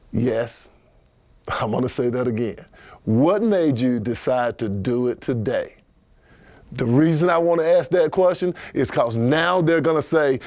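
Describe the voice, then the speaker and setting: Energetic man teaching sales technique. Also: a little high, no echo. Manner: energetic, acts out customer dialogue in animated voices. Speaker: sales trainer. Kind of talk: instructional sales training talk.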